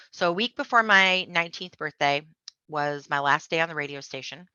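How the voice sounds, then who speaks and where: A woman with a low yet bright, forceful voice recounts her own story as a podcast guest. She tells it vividly, slipping into the voices of the people in it. The recording is dry and a little dull. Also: moderate pace, clear, resonant tone, no echo. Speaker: interview guest. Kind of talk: personal storytelling. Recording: dull, muffled podcast audio.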